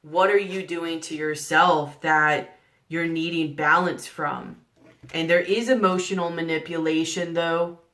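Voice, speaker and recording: A woman's voice: sits low, fairly even intonation, a little slow, a bit bright. A woman giving a general tarot reading to camera, earnest and coaxing, asking the listener one rhetorical question after another. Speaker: tarot reader.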